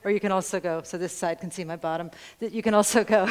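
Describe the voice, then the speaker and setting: A woman's voice: lowish voice, fairly even intonation, fast, hardly any pauses, darkish tone. Laughing woman minister in a reverberant hall. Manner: chatty and humorous, laughing often between lines. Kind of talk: conversational sermon. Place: spiritual center sanctuary before a congregation. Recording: long hall reverb in a large room.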